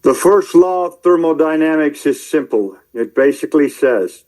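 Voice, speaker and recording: A man preaching in a rambling commentary, shouting angry tirades at his listeners and then muttering to himself as he browses his screen. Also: a little high, lively intonation, moderate pace, rough recording. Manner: addresses listeners directly, calling out believers. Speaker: online preacher.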